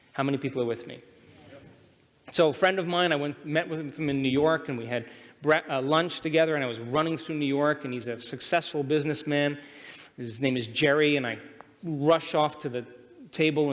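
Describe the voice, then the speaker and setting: Emphatic male seminar speaker in a hall. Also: on the high side. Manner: emphatic, questions the audience often. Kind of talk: motivational lecture to a live audience. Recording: long hall reverb.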